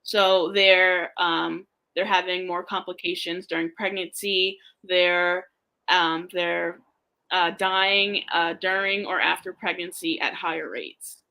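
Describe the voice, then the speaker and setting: A woman, a guest on a live interview, explaining earnestly and halting with many fillers. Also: on the low side, fairly even intonation, pushed and bright, low-quality recording.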